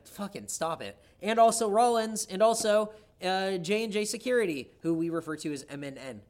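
A man co-hosting a podcast recaps wrestling in casual chat, enthusiastic, swearing a lot, and quick to tease his co-host. His voice is high and a little mellow.

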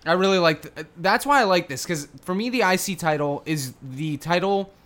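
A man's voice: high voice, animated, normal speed, a bit bright. A man co-hosting a podcast, chatting casually about wrestling with enthusiastic, opinionated remarks. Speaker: podcast co-host.

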